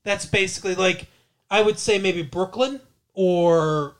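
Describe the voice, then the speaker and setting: Male co-host, high-ish voice, rambling and playful, goofs around with voices, casual review banter. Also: unhurried. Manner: playful, rambling, breaks into bits of funny voices. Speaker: podcast co-host.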